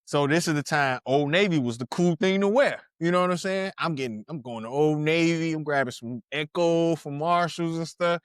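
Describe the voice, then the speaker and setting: A podcast co-host in his thirties tells stories in a loose, slangy way, restarting sentences and laughing along. His voice sits a little high. The sound is close and dry. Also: normal speed, few pauses, clean tone, no room sound. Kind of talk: casual podcast chat.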